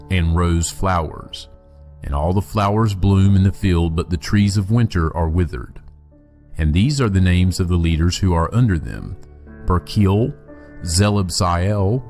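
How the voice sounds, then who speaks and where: A man reading an ancient scripture aloud in a slow, solemn and measured way. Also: low voice, a little mellow. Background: faint music.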